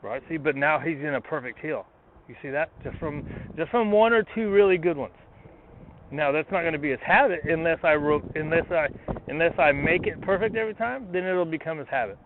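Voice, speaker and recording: A man training his dog outdoors, talking himself through it in a relaxed way between short commands to the dog. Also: a little high, brisk, crowd noise. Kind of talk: casual training explanation. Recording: tinny phone-like, noisy outdoors.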